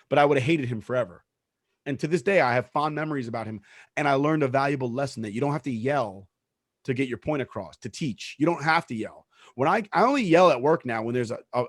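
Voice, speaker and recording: Swearing freely, this sports podcast co-host, who supervises others at work, tells a story with emphasis in a casual setting. His voice is medium-pitched, captured at studio quality with no room sound.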